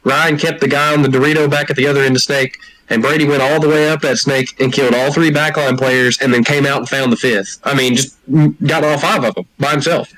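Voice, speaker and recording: A man hosting a casual group chat, recounting game moments in an animated storytelling way. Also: mid-range voice, brisk, crowd noise, poor audio.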